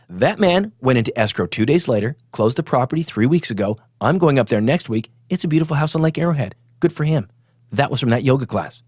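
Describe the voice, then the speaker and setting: Smug comic host, middle-aged man, animated delivery, tight dry studio sound. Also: medium pitch, fairly quick, no echo. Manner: self-absorbed, boastful, rising to excited outbursts. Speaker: podcast host. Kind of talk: comedic monologue.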